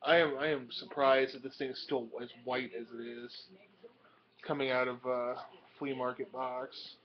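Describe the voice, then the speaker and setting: A man's voice: medium pitch, flat delivery, a little slow. A young man rambling through his new comics in a casual show-and-tell vlog, with plenty of ums and uhs. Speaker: comic book collector showing purchases. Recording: dull lo-fi home recording.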